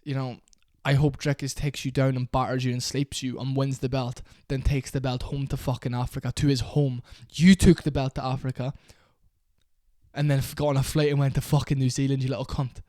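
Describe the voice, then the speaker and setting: A man's voice: medium pitch, flat delivery, brisk, dark tone, dry recording, clean studio sound. A young man in an angry, profane rant to camera about a fighter. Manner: heated, profane, repetitive. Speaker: MMA commentator.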